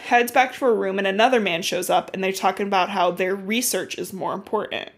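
Young woman co-host, casual, animated recap, lots of fillers. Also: mid-range voice, fairly quick. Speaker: podcast co-host. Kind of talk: casual book recap chat.

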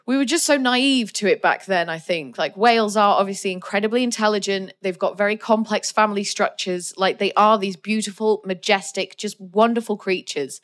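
A woman's voice: mid-range voice, a bit bright. A woman co-hosting a film podcast, chatting casually with lots of "like" and "um". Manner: chatty, full of "like" and "um" fillers. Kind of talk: casual film review chat.

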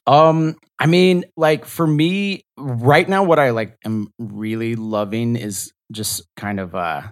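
Male podcast guest from the South, mid-pitched, loose and rambling delivery. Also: slow pace. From the American South. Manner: rambling, full of fillers and restarts. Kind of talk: casual interview chat.

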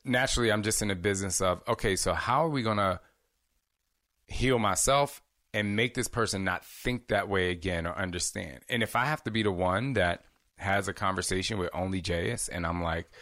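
A man with a lowish voice chats candidly through viewer questions in a casual vlog, rambling off into asides. The sound is dry and close, with faint music underneath. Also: fairly quick, fairly bright tone, no room sound. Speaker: fitness host answering viewer questions.

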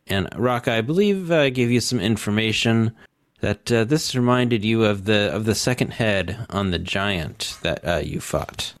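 A man's voice: fairly low pitch, expressive, unhurried, no echo. A man narrating as game master, reading scene descriptions aloud between hesitant fillers.

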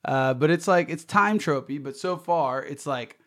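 A man's voice: a little high, normal speed. A man co-hosting a casual podcast, laid-back and drawling, often trailing off. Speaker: podcast co-host.

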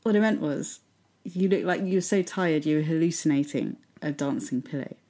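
A woman's voice: deep voice, normal speed, dark tone. A woman co-hosting a comedy podcast, teasing her partner and pressing her points with playful persistence. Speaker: podcast co-host. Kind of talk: comedic casual banter.

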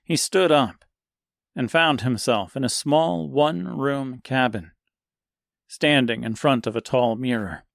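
A man reading a dark fairy-tale serial aloud in slow, measured scripted narration. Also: mid-range voice, creaky, dry recording, clean studio sound.

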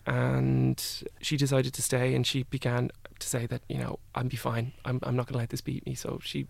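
Gravelly young man telling a story. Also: mid-range voice, completely flat delivery, a little mellow. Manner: halting, with many "like" and "I was like" quotes. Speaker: guest. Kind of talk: personal storytelling in conversation.

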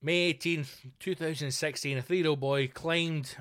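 A man hosting a podcast, telling stories in a profane, animated comic rant full of mock outrage. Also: fairly high pitch, unhurried. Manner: swears constantly, mock outrage. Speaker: podcast host. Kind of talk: comedic rant.

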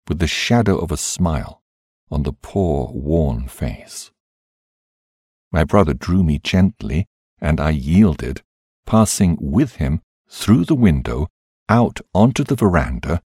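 A man reading a book aloud calmly as a podcast host, in scripted narration. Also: low voice, husky, no echo, studio quality.

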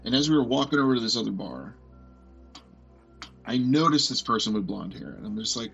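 A man in his forties telling a personal story as a podcast guest, earnest and halting, often restarting and filling with "like". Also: medium pitch, big pitch swings, vocal fry, a bit bright, slightly rough, muffled recording, soft background music. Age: 40s.

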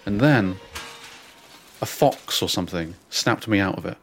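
Deadpan man telling a comic story. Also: low voice, measured pace, slight background noise. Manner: deadpan, wry asides. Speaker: narrator. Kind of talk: comic first-person storytelling.

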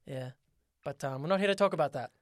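A playful man co-hosting a casual podcast, his voice sitting a bit higher than most men's. He talks in a jokey, teasing way and tosses in quick asides. The sound is dry and close, with no room around it. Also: dry recording. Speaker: podcast co-host.

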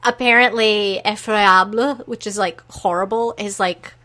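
A woman hosting an interview podcast with a bright, forward voice. She keeps things playful and jokes along with her guest. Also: mid-range voice, fairly even intonation, a little slow. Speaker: podcast host. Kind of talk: casual conversational interview.

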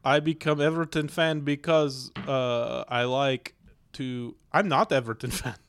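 A man's voice: mid-range voice, a little slow, clean tone, no room sound, studio quality. A man putting on a boastful fake-Russian comrade. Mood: deadpan. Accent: fake Russian accent. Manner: broken grammar, deadpan bragging. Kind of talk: comedic improvised character bit.

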